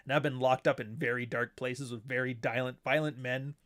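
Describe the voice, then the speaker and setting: A man's voice: medium pitch, steady tone, a little fast, a bit bright. A man hosting his own show in a casual monologue, blunt and profane, who now and then mocks others in put-on voices. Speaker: show host.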